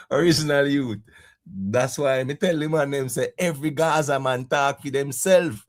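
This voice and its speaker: A young adult Jamaican man hosting a casual live stream, laughing often and giving shout-outs to viewers in patois. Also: medium pitch, moderate pace.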